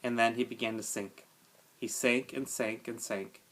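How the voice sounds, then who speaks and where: A man's voice: medium pitch, normal speed. Man reading a children's book aloud. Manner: expressive storytelling, casual aside at end. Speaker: teacher.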